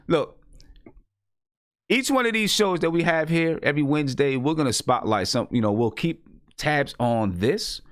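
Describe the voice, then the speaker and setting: A man hosting a podcast, talking in a laid-back, loose, halting way during casual opinion chat. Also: medium pitch, no echo, studio quality. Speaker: podcast host.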